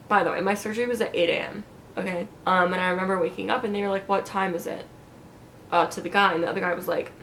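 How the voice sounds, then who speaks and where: A woman's voice: medium pitch, a little hiss or hum. A young woman recovering from surgery tells her story in a chatty, casual vlog, full of "like" and quoted asides, laughing often. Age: young adult. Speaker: vlogger.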